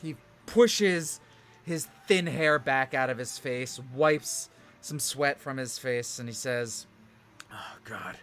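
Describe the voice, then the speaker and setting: Man as game master narrating a tabletop game, bright and rambling. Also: mid-range voice, slow, faint music behind. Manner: rambling, animated narration with fillers.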